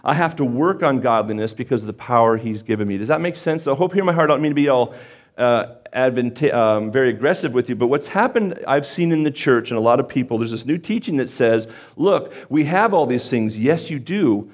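A man's voice: medium pitch, lively intonation, a little fast. A man preaching a sermon as pastor, conversational and self-deprecating, and he gets fired up as he speaks.

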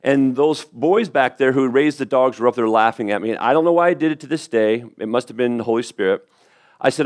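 A middle-aged man preaching a sermon as pastor, telling a story in a conversational way with quick asides and restarts. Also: medium pitch.

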